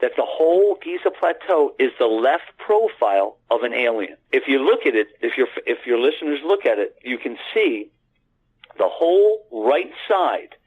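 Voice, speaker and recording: An American man calls in to a radio show and rambles through a long story with many restarts. His husky, mid-pitched voice comes through a narrow, tinny phone line. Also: sing-song, moderate pace. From United States. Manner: rambling, earnest, repeats words and restarts, addresses the host by name. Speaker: guest.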